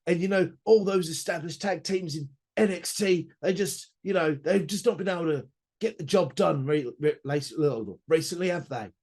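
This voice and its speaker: A man doing an impression of a cocky young male wrestler who talks smugly, with drawn-out hesitations. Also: high voice, a little mellow.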